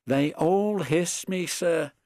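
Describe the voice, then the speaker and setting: A man voicing a gentle, kind male blue engine who speaks meekly and softly. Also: mid-range voice, very animated, a little slow, slightly rough, dry recording, clean studio sound, full character voice. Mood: sad. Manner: meek, soft.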